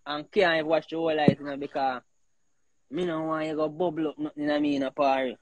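A man with a Jamaican accent talking in patois in a rambling, animated casual chat, leaning on "you know" again and again. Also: on the high side, quick pace, no echo.

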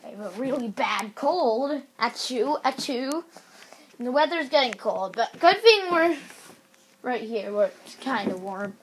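A woman telling a plush toy story in a rambling, excitable way, full of fillers and sudden shrieks. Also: moderate pace, a little hiss or hum. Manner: excitable, breaks into shrill screams.

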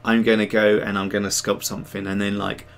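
A man's voice: lowish voice, level tone, brisk, vocal fry, fairly bright tone. A man hosting a casual livestream, chatting to viewers in a rambling way with many fillers and restarts. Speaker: livestream host and digital sculptor.

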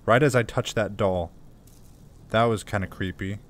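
A man chatting through a horror game playthrough as a gaming YouTuber, jumpy and quick to laugh nervously at scares. His voice is on the low side and he speaks slowly and unhurriedly. The delivery is casual and talkative. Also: slight background noise. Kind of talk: let's play commentary.

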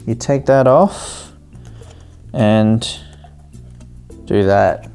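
A man hosting his own tech channel, narrating an unboxing in a casual, excited way, often pausing on um and correcting himself mid-sentence. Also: mid-range voice, vocal fry, faint music behind. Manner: excited, chatty, often pauses with um and self-corrections. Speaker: tech video host.

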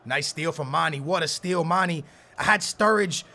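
A young man commentating his own football video game, muttering plans quietly, then shouting in outbursts. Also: on the high side, a little slow, gravelly. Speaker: gaming YouTuber. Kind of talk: excited gameplay commentary.

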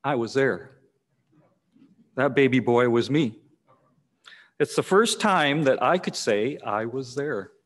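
A man, preaching a sermon in a measured way, repeating key phrases with pauses, in a church hall. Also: mid-range voice. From Canada. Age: 60s. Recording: long echoing church reverb.

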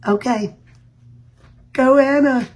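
A woman pours out an emotional, gushing video message, close to tears. She speaks slowly, with a husky, breathy tone. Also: high-pitched, low-quality recording. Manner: warm, gushing, near tears.

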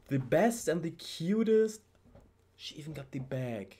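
A young man, excitedly unboxing fan mail at his home PC setup and gushing about every item. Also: a little high, unhurried, husky. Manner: excitable, gushing, says "bro" often. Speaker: YouTuber.

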